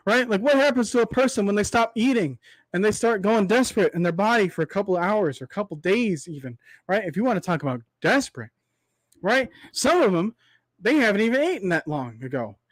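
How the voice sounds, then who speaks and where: A young man with a high, light voice rants to his livestream viewers in a preachy monologue, dotting it with rhetorical asides. His voice is worn from talking for a long time. The sound is close and dry. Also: no echo. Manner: preachy, repetitive rhetorical asides, drawn-out extended metaphor. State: voice tiring from long talk. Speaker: livestream host.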